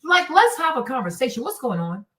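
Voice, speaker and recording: A woman hosting a stream, ranting in an animated, exasperated way, swearing freely and sometimes breaking into shouts. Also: high voice, a little fast, recorded from a distance. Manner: bursts into shouts. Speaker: host. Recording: echoey room, off the mic.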